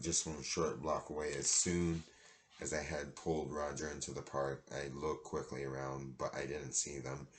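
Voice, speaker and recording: A man reading a children's storybook aloud, with plain delivery and some stumbles and restarts. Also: very deep voice. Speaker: reader.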